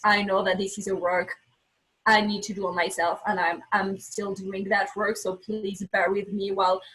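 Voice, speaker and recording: A woman guest on a podcast telling a candid personal story, animated and acting out her own words, speaking English as a second language with small slips. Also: medium pitch, normal speed, husky, poor audio.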